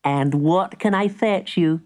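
A woman's voice: fairly low pitch, slow pace, darkish tone, voice pushed up. A woman voicing a playful male shopkeeper who chuckles and teases in a storybook. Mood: teasing. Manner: chuckling and teasing. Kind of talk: storybook character voice.

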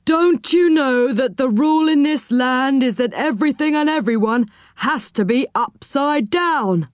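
A woman voicing a stern male policeman in a storybook, speaking slowly and solemnly. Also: high voice, no echo, clean studio sound, pitched above the performer's own voice.

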